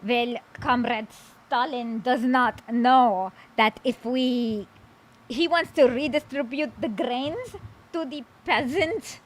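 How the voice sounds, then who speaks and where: A woman voicing a grumbling male kulak in a put-on British accent, slow and indignant. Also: on the high side, low-quality recording.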